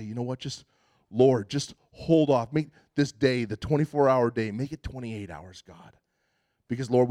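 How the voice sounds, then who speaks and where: A man's voice: on the high side, dry recording, clean studio sound. A man preaching a sermon in a conversational, self-deprecating way, often restarting his sentences. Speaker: pastor.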